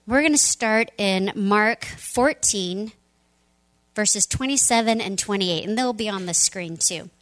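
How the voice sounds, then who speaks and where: A woman pastor giving a sermon, retelling a story in a conversational, animated way. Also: medium pitch, measured pace, rough recording.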